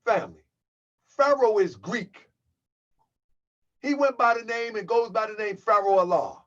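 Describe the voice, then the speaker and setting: On his own livestream, this host launches into a scornful, fired-up rant while addressing viewers as family. His voice is high-pitched, a little slow and slightly bright, and the recording sounds muffled.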